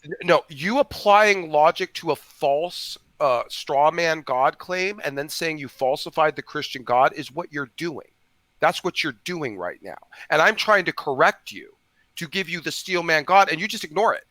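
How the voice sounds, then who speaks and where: A man's voice: on the high side, lively intonation, moderate pace, sharp tone, no room sound. A man in a heated online debate, lecturing, exasperated and tired, talking over the other person on a call microphone. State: tired after a long day. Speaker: debater defending Christian view.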